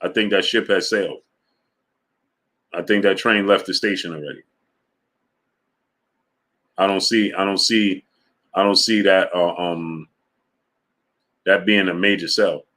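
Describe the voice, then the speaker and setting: A man running a live boxing talk stream with a bright, forceful voice. He keeps greeting viewers by name between points and pushes his pitch up when he argues a case. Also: steady tone, unhurried, pauses often. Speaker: boxing talk show host. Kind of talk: live-stream chat reading super chats.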